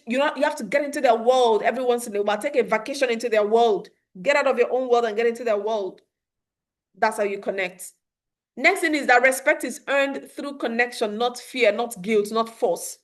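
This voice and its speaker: A young adult woman, coaching parents in a live webinar talk, earnest and quick to laugh. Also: sits high. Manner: acts out calm soothing quotes.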